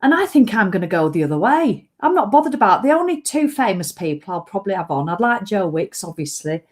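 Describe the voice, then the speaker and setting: A woman's voice: medium pitch, big pitch swings, fairly quick, darkish tone. Chatty woman. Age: middle-aged. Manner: rambling, self-mocking, breaks into sung jingles. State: hiccups. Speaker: fitness vlogger. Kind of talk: chatty live video.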